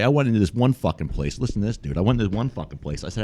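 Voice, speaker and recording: A man's voice: fairly low pitch, expressive, racing, hardly any pauses, dark tone. An American man telling a trip story in casual, profane podcast chat. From United States. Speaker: guest storyteller.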